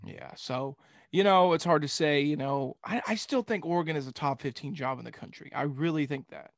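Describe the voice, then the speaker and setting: A man's voice: fairly high pitch, brisk, no room sound, studio quality. A young man co-hosting a casual sports talk show, joking and slipping into silly impressions.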